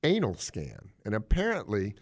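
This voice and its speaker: Animated man explaining health news. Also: normal speed. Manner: animated, jokey, swoops up in pitch for emphasis. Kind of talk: casual chat.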